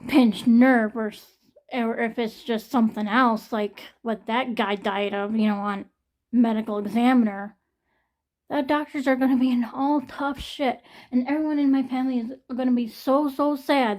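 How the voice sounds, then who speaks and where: A young woman talks straight to her viewers in a raw, emotional vlog, her voice sitting a little high. She is shaking from pain and close to tears, venting hard with frequent swearing. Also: a little mellow. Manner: distressed, venting, swearing often. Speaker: vlogger.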